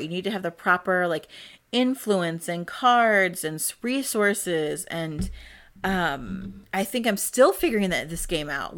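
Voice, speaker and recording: Chatty woman podcast co-host. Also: medium pitch. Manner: chatty, rambling, laughs often. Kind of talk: casual chat.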